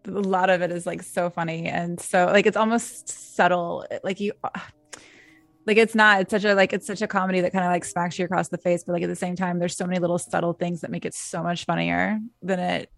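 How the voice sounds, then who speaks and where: A woman's voice: lowish voice, level tone, a little fast, gravelly, no room sound. A woman co-hosting a casual movie-review podcast, chatty and full of "like" fillers, laughing easily. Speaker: podcast co-host.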